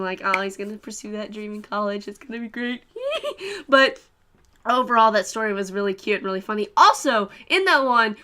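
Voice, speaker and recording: Giggly, rambling young woman, bright voice. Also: a little high, clear, resonant tone. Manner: giggly, rambling, many fillers and laughs. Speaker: anime reviewer. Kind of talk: casual spoiler review.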